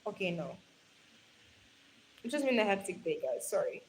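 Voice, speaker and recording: A woman's voice: medium pitch, sing-song, moderate pace, rough recording. A young woman hosting a livestream, chatting affectionately with viewers, calling them darling and laughing often, speaking into a phone held in her hand. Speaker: livestream host. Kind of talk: casual livestream chat reading comments.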